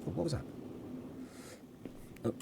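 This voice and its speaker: A man's voice: unhurried, noisy background. A man giving chatty, casual commentary over his own gameplay, at times apologising and humming to himself.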